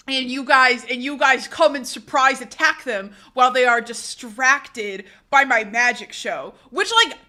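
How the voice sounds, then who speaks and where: A young woman streamer telling a rambling, excitable story in casual live-stream chat. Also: fairly high pitch.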